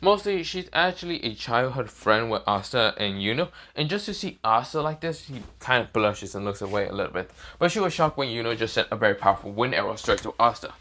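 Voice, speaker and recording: A man tells a fan story casually and off the cuff, rambling and repeating fillers like "this is where, well, mostly." His voice sits at medium pitch with big swings, moving a little fast with hardly any pauses and a sharp tone.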